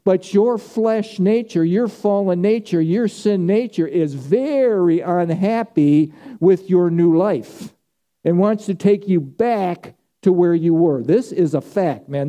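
A middle-aged male pastor delivering a sermon. He speaks in a high, very dark and mellow voice, and he presses his points home by repeating them. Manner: emphatic, repeats key phrases.

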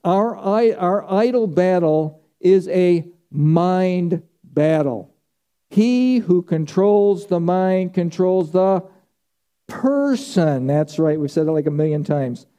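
A man's voice: sits high, expressive, slow, warm tone. A man preaching a sermon, stressing key words by drawing them out and repeating phrases for emphasis. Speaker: pastor.

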